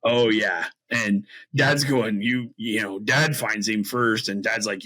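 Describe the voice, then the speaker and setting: Man, middle-aged, low voice, bright forceful tone, animated storytelling, podcast guest. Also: takes it slowly, rough recording. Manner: animated storyteller acting out his own reactions, many fillers. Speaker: podcast guest, bowhunter and string maker. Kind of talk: casual storytelling interview.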